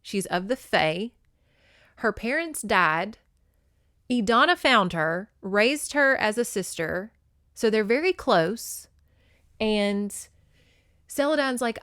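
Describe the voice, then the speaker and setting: A woman's voice: mid-range voice, expressive, slow, long pauses, fairly bright tone, no echo, clean studio sound. A woman hosting a podcast, recapping a romance novel in a casual, chatty way with swearing and laughing asides. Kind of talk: casual book recap with read-aloud passages.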